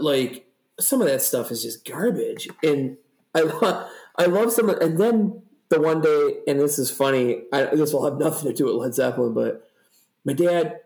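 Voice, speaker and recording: A young man co-hosting a podcast, rambling and swearing as he tells stories in a casual chat. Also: on the high side. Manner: rambling, profane, animated storytelling. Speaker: podcast co-host. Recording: echoey room.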